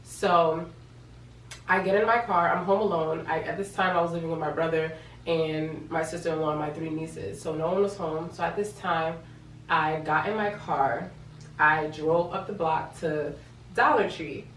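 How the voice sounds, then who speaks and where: A young woman vlogging in a chatty, animated way, acting out the voices in her story. Her voice sits a little low and sounds somewhat distant from the mic, with the room echoing around it. A faint hiss of ambience hangs underneath. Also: normal speed. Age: young adult. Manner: chatty, animated retelling with quoted dialogue. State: pregnant. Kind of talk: casual storytelling vlog.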